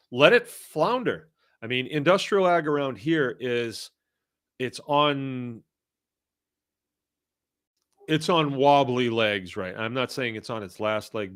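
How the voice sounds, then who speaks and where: An older man from Massachusetts talks casually on a podcast, folksy and blunt, chuckling through his stories. His voice sits at an ordinary middle pitch. The recording is dry and close, with no room sound. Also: fairly bright tone, no echo. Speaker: podcast host. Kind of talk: casual podcast talk reading listener comments.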